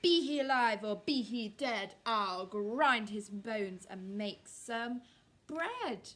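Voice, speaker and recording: Woman putting on an angry fairy-tale giant, booming, slow chanting, slightly high. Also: lively intonation, fairly bright tone, slight background noise.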